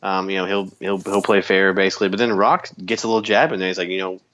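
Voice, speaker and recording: A man's voice: deep voice, fairly even intonation, quick pace, a bit bright. A man co-hosting a podcast in casual chat, ranting with energy and laughing often. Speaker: podcast co-host. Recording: dull lo-fi sound.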